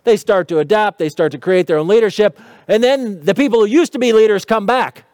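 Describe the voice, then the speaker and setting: High-voiced man preaching a teaching sermon. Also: a little fast, darkish tone, dry recording, clean studio sound. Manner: explanatory, asks rhetorical questions; teaching tone with light humor. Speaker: pastor.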